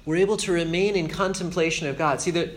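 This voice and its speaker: A man's voice: fairly high pitch, quick pace, slight background noise. Earnest man preaching in an echoey room. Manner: earnest and informal, self-deprecating. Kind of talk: conversational spiritual talk. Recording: roomy echo with faint ambience.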